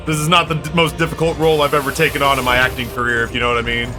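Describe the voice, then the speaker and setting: A man's voice: medium pitch, flat delivery, very fast, music in the background. A man streaming a game and chatting casually, rambling and cracking crude jokes with his viewers. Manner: rambling, joking, crude banter with chat. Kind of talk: casual live-stream chat while gaming.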